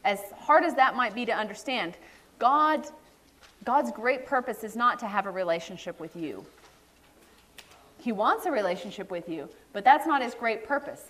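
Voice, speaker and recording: Middle-aged woman preacher with a slightly high voice, animated and storytelling, acting out quotes mid-sermon.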